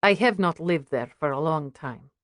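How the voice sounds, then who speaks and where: A reserved older mother, read by a woman narrator, speaks in short, formal sentences. Her voice sits low and dry. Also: a little slow, dry recording. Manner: terse, formal speech without contractions.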